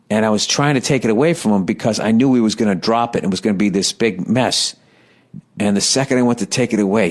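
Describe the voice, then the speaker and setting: A man in his thirties telling a rambling comedic story with heavy profanity and lots of restarts. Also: mid-range voice. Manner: self-deprecating, animated retelling. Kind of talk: casual comedic monologue.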